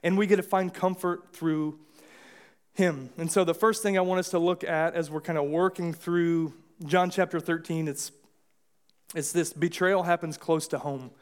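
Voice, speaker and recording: A man's voice: on the high side, steady tone, normal speed, smooth. A man with an American accent preaching a sermon in a church, casual and conversational, with many restarts and acted-out asides. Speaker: pastor. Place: church sanctuary.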